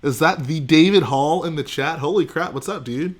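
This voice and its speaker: A man's voice: fairly high pitch, moderate pace. Joking young man streamer. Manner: joking, chatty, responds to chat. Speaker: livestream host. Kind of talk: casual livestream chat.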